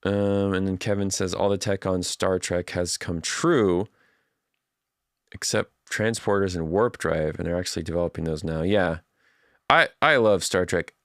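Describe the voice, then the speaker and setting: Man hosting a livestream, casual chat, reading viewer comments, smooth voice, dry close sound. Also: sits low, steady tone, moderate pace, a bit bright, dry recording. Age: adult. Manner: chatty, reads viewer comments aloud. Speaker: livestream host.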